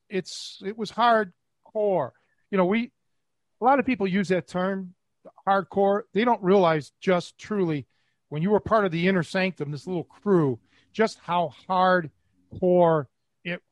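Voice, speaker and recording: A man's voice: high-pitched, no room sound. A middle-aged man from Cleveland hosting a podcast, telling rambling stories with many restarts and fillers. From Cleveland, USA. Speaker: podcast host and catch wrestling coach. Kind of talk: casual podcast chat.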